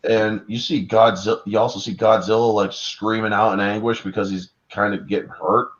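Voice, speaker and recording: A man in his thirties recounting a monster movie in casual chat, excitable and profane, acting out characters in voices. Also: lowish voice, a little fast. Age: 30s. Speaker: podcast panelist. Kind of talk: casual film discussion. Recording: dull lo-fi audio.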